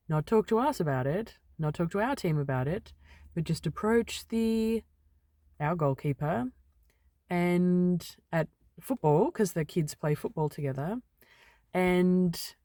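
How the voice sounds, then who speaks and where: A woman's voice: on the low side, no room sound, studio quality. A woman, talking candidly in a rambling personal vlog, getting heated and swearing mildly as she vents. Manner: rambling, animated when venting, mild swearing. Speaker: vlogger.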